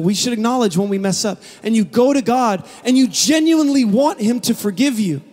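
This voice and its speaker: A man with a notably high voice delivers a sermon in a large church hall. His voice rings out with a long reverb. He swings from hushed, intimate lines to impassioned, shouted calls. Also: lively intonation, brisk, hardly any pauses. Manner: builds from quiet to passionate shouting. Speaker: pastor.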